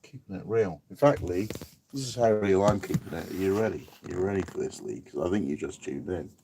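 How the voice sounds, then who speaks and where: A man's voice: sits low, expressive, a little fast, noisy background. A man chatting on a live stream from a camper van, joking and reading out viewers' comments. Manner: joking, wry, talks to viewers by name. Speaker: vlog host reading live chat. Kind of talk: casual live-stream chat.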